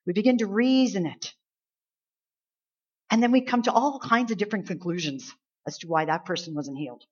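A woman pastor delivering a sermon, building to emphatic peaks and dropping to soft, earnest tones. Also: mid-range voice, normal speed, pauses often, husky. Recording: dull lo-fi church recording.

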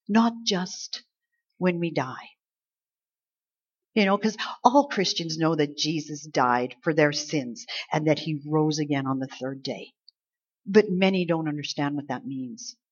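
A woman preaching a conversational Easter sermon, acting out quoted lines with lively emphasis. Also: low voice, measured pace. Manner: conversational, animated, acts out angels' lines. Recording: slightly dull lo-fi sound.

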